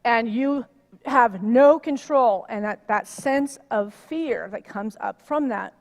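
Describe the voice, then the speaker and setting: A middle-aged woman giving a conversational sermon, telling a personal story in an animated way that rises loud when she gets worked up. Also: fairly high pitch, slow. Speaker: minister. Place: church sanctuary. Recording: long reverb of a hall.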